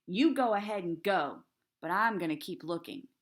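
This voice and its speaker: A woman reading aloud, voicing a stubborn ten-year-old girl who pleads and insists in a raised, higher voice. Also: animated, moderate pace. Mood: defiant.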